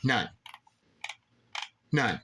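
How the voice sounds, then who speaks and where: A man's voice: very slow, a bit bright, slight background noise. A man in an agitated, profane monologue, rambling with many restarts as an aggrieved father ranting about officials. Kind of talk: angry monologue.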